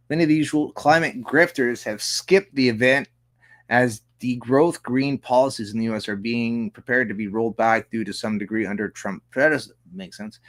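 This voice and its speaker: A man hosting a political commentary show, reading news articles aloud and breaking off with sarcastic, profane asides. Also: mid-range voice. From Canada. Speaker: host.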